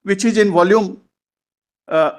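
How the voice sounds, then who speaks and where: A male advocate makes his case to the bench in a courtroom, his voice sitting noticeably high for a man. He speaks in halting, piled-up clauses and calls the bench "my lord" every few words as he walks through pages and paragraphs. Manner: addresses the bench as "my lord" constantly, halting restarts. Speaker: advocate arguing before a court. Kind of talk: courtroom legal argument.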